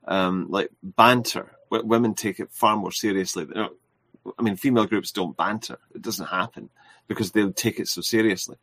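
Agreeable low-voiced man in chat. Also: steady tone, normal speed, a bit bright. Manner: agreeable, hesitant, with fillers and restarts. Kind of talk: casual chat.

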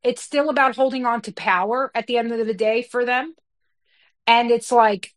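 A woman with a slightly high voice speaks bluntly and candidly, racing through her story with plenty of "you know" and "like". She is a comedian talking as a guest in a relaxed, unscripted conversation. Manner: blunt and fast-flowing, with many fillers.

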